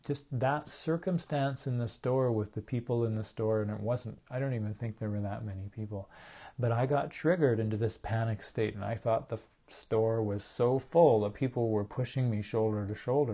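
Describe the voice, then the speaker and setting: Guy telling his own story, soft warm voice, kinda halting, repeats himself a lot. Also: medium pitch. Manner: earnest, halting, repeats words, acts out quotes. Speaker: speaker sharing a personal story. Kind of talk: personal storytelling.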